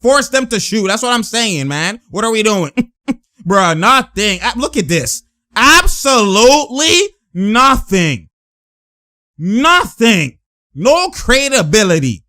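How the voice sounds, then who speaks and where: A man giving loud, laughing, slangy commentary as he reacts to game footage. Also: sits high, big pitch swings, unhurried, no room sound, studio quality. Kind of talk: excited live reaction commentary.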